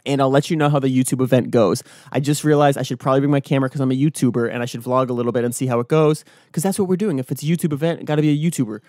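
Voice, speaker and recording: An energetic man hosting his own daily vlog. He rambles from thought to thought and keeps slipping into motivational pep talk. His voice sits in a middle pitch and sounds dry and close. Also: no echo. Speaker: vlogger and podcast host. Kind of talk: casual solo vlog talk. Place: outdoors early in the morning.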